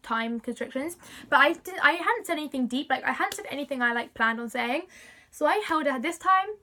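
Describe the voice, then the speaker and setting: A young woman excitedly telling a story to camera, gushing and full of fillers. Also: high voice. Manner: breathless, gushing, many fillers like "like". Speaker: vlogger.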